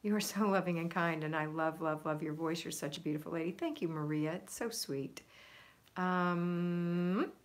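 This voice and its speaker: A woman's voice: on the low side, moderate pace. A woman hosting a casual live stream from home, chatting and reading viewer comments aloud. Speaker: livestream host.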